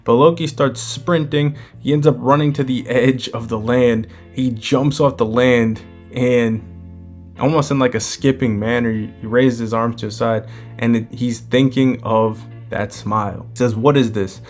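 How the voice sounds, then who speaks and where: A man giving a relaxed, casual recap of a manga chapter and chuckling as he retells its scenes. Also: medium pitch, a little slow, faint music behind.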